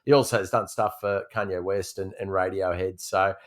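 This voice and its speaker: A fairly low-voiced man hosts a podcast segment. He rambles easily, with plenty of pauses and fillers. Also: steady tone. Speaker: podcast co-host presenting a segment.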